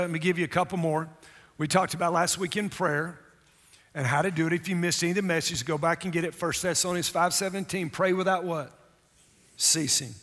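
High-voiced emphatic male preacher. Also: fairly bright tone. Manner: emphatic, calls for audience response. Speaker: pastor. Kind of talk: sermon. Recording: long hall reverb.

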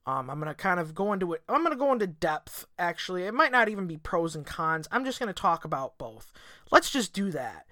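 A man's voice: high-pitched, sing-song, fairly quick, sharp tone, dry recording, studio quality. A man hosting a solo podcast, talking in a rambling, emphatic way and swearing a lot. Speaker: podcast host. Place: home in Michigan. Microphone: desk podcast mic.

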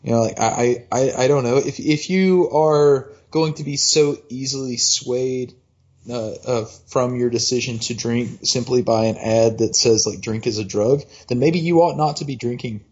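A man co-hosting a casual podcast chat, talking in a hesitant, halting way. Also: medium pitch, a little mellow. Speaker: podcast co-host. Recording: dull lo-fi recording.

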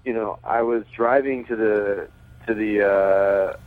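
A man's voice: fairly low pitch, steady tone, slow. A man called in as a guest on a radio talk show, telling stories in a chatty, rambling way and laughing as he goes. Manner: chatty, self-correcting, laughs while talking. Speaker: guest, pitcher and race team owner. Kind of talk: phone interview, casual storytelling. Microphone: phone. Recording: tinny phone line.

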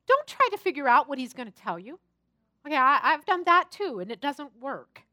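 Bright, high-voiced woman preaching. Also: moderate pace, no echo, studio quality. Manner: animated, chatty and humorous storytelling. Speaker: pastor. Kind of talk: sermon with personal stories.

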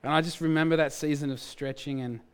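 A man with a rather high, smooth and resonant voice delivers a sermon as a pastor. He tells a personal story candidly, stumbling into restarts and poking fun at himself along the way. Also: fairly even intonation, fast talker. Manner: candid storytelling, frequent restarts and self-mocking humor. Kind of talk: sermon testimony.

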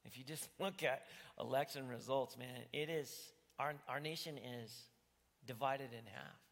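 A man's voice: mid-range voice, fairly bright tone. A man preaching a sermon as pastor, earnest and pleading, rising to emphatic bursts. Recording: reverberant church hall.

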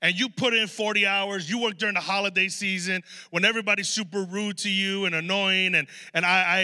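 Bright high-voiced man preaching in a hall. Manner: conversational, animated storytelling with asides. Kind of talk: sermon. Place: large hall. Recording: long hall reverb.

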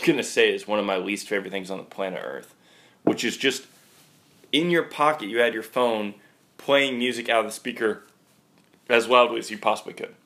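A man's voice: on the low side, fairly bright tone. A man co-hosting a casual show, teasing his friend with mock indignation. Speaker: podcast co-host. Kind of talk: casual banter.

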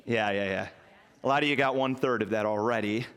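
A man's voice: on the low side, fast talker, a bit bright, clear, resonant tone. A male pastor preaching a sermon in a church in a conversational, folksy way, with light self-deprecating humor. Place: church sanctuary.

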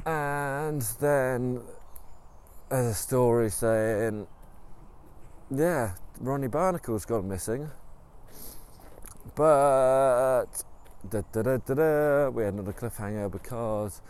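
A man's voice: mid-range voice, slow, long pauses, darkish tone, clear, resonant tone. A man retelling a story in a casual, rambling way, with many ums and restarts. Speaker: podcast storyteller.

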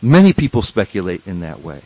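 A man's voice: sits low, very animated, brisk, darkish tone, no echo, low-quality recording. A man giving a conversational scripture class as a spiritual teacher, often restarting sentences and checking in with rhetorical questions.

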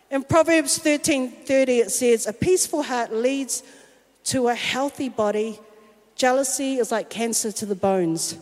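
A woman giving a personal testimony sermon, telling her story in a lively way and acting out the voices she quotes. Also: a little high. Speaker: worship singer and speaker. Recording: long reverb of a large hall.

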